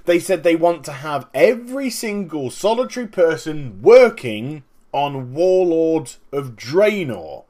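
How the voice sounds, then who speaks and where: A man hosting a casual gaming commentary vlog, talking in an animated, emphatic way and explaining things step by step. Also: fairly high pitch, unhurried. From Northern Hemisphere. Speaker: gaming video host.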